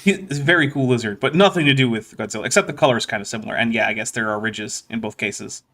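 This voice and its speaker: A man hosting a livestream in casual chat, talking in an animated, rambling way. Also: mid-range voice, fast. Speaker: livestream host.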